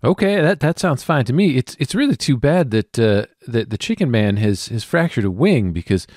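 A man's voice: medium pitch, big pitch swings, normal speed, a little mellow, dry recording, studio quality. A man playing a tabletop game, talking with repeated words and restarts.

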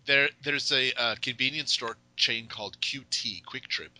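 Male host, General American, very bright tone, playful banter. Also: mid-range voice, no echo, rough recording. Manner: chatty, playful, quick to laugh. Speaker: podcast host. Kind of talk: casual interview chat.

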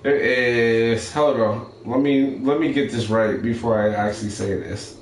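A man's voice: mid-range voice, measured pace, slight background noise. Young man, casual chat, rambling, profane, acts out quotes, roomy echo. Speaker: storyteller among friends.

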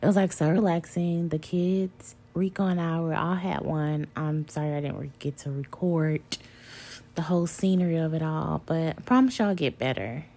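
A woman's voice: low voice, normal speed, warm tone. Chatty woman vlogging her trip. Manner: chatty, gushing, apologetic asides. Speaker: travel vlogger. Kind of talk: casual vlog narration.

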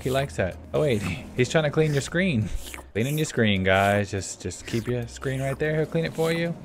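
A man commentating a video game, talking animatedly to his viewers and laughing often. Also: medium pitch. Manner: animated, talks to viewers, frequent laughing exclamations. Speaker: gameplay commentator. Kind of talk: let's play commentary. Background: game music.

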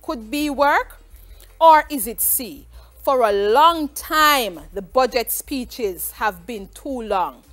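Slow, high-voiced Jamaican teacher. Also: female voice, a bit bright. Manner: asks students questions, then pauses for them. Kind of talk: exam-prep lesson.

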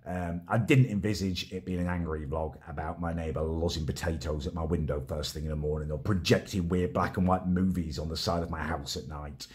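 A man's voice: low-pitched, steady tone, brisk, hardly any pauses, a little mellow, breathy edge. A young man telling a vlog story about his neighbour in an exasperated, sweary way. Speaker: vlogger.

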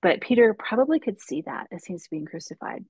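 A woman's voice: medium pitch, expressive, fairly quick, darkish tone, breathy edge, dry recording, rough recording. A woman guest author telling a faith story in an earnest way on a casual podcast, with frequent ums and restarts.

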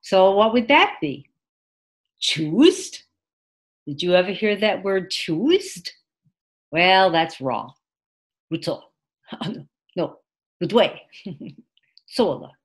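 Her voice is lowish and animated, but she takes it slowly, leaving long pauses. She's an ESL teacher giving an online English class with a shared screen, patiently repeating words and slipping in short Mandarin glosses.

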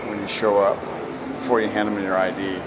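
A man's voice: lowish voice, flat delivery, brisk, very noisy. Chatty, self-mocking man vlogging. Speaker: vlogging artist. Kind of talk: casual travel vlog.

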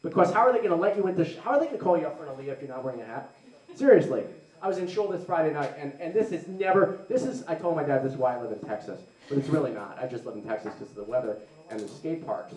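Young man, live stand-up, sarcastic rambler, high voice, roomy distant sound. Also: expressive, very fast, darkish tone. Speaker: stand-up comedian. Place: live comedy venue. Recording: roomy, mic heard from a distance.

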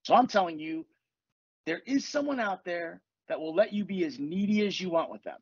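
A man hosting a casual podcast, blunt and confessional, with lots of swearing. His voice is slightly breathy and sits close and dry on a dull, lo-fi mic. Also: high voice, lively intonation, normal speed, darkish tone, dry recording. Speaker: podcast host and coach. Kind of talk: casual chat.

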